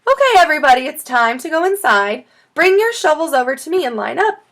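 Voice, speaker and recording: A woman's voice: high-pitched, very animated, moderate pace, a bit bright, voice pushed up, heavily acted. A woman voicing a cheerful, patient schoolteacher giving instructions to her class in a storybook reading. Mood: instructive.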